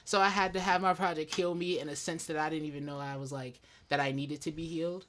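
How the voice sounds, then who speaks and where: A young independent musician from Staten Island, New York, is interviewed casually in a radio studio, speaking fast in a steady, slightly high and fairly bright voice with slight background noise. He's candid and reflective, swears freely, and slips into quoted inner voices.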